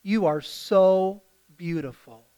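A preacher puts on a patriarch sweet-talking his wife, all flattery and coaxing. The voice sits high and the words come slowly, as if each compliment is being weighed. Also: smooth.

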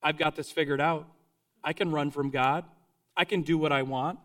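A man's voice: on the high side, steady tone, normal speed, a bit bright, lightly acted. A preacher voicing a shrugging, carefree man. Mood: dismissive. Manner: casual, shrugging. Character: nonchalant prophet brushing off danger.

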